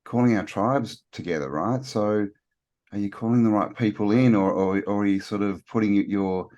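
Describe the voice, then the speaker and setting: A man's voice: lowish voice, normal speed, a little mellow, dull audio. A man from Australia co-hosting a casual conversation, thoughtful and rambling with many fillers. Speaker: co-host.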